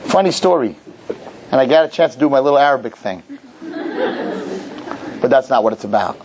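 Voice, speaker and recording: A rabbi giving a lecture, telling a funny story and acting out its characters before drawing a lesson. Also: male voice, medium pitch, fairly quick, crowd noise, noisy background. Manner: animated storyteller, jokes, acts out characters. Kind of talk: humorous sermon lecture.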